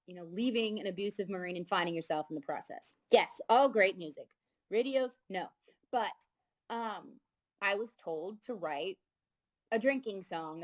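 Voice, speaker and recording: Candid, outspoken woman host. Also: fairly low pitch. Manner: candid, swears freely, animated storytelling. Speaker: podcast host. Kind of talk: casual chat.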